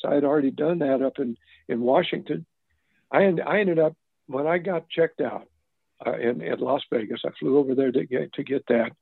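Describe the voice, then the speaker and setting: A man's voice: a little high, vocal fry, slightly rough, dry recording. An older man, an interview guest, telling stories casually and rambling, with many restarts and asides. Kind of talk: casual storytelling. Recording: dry, tinny phone line.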